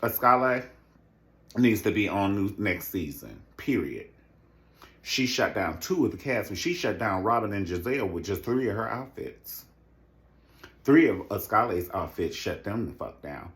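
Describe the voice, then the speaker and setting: A man giving a sassy, profane recap rant about a reality show, with a lively, animated delivery. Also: normal speed. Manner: animated, sassy, swings into mocking high impressions. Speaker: reality TV commentator.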